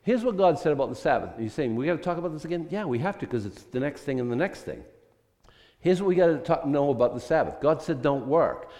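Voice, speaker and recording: A pastor preaching a casual, conversational sermon, full of rhetorical questions. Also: male voice, on the high side, sing-song, quick pace, dark tone, in a large hall.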